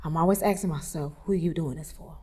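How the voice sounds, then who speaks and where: A woman, candidly telling a personal story, moving from hushed tones to loud animated retelling. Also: sits low, fast talker, slightly rough. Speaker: photographer telling her story. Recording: long reverb, roomy hall sound.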